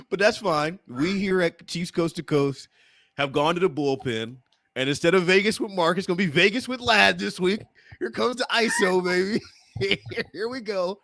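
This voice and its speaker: A man hosting a sports podcast in casual chat, playful and teasing and quick to laugh. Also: high voice, creaky, sharp tone, no room sound, clean studio sound. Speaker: podcast host.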